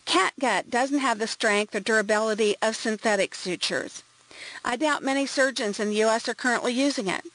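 Woman reading a calm, clinical medical examiner. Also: fairly high pitch, moderate pace, lightly acted, rough recording.

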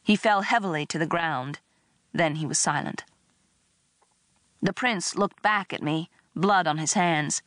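A woman reading a first-person story aloud in a wry, expressive narration. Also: sits low, a little slow, pauses often, dry recording, studio quality. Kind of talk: audiobook narration.

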